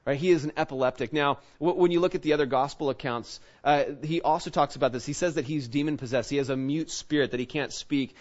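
A man's voice: on the high side, fast, few pauses, highs cut off. A male pastor giving a conversational Bible-teaching sermon, asking his listeners rhetorical questions.

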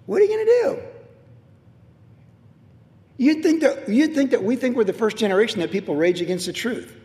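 A man's voice: sits high, a little mellow, in a large hall. A middle-aged man preaching a sermon as pastor, emphatic and repetitive as he drives home his points.

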